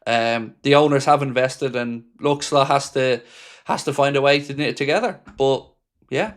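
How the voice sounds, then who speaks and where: At a moderate pace and a mid-range pitch for a man, a host runs a fan live stream with easy, animated chat. He reads viewer comments aloud and replies to each commenter by name.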